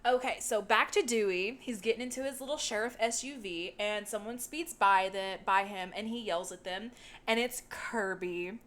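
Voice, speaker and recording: A woman's voice: mid-range voice, moderate pace, fairly bright tone. A young woman from the United States, co-hosting a podcast in casual chat. She recaps a movie, laughs often and swears casually. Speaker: podcast co-host.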